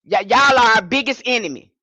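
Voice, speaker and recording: A woman's voice: on the high side, expressive, a little fast, pushed and bright, no echo. A woman giving an impassioned livestream sermon as a spiritual teacher, speaking in a fiery, confrontational way and repeating her points.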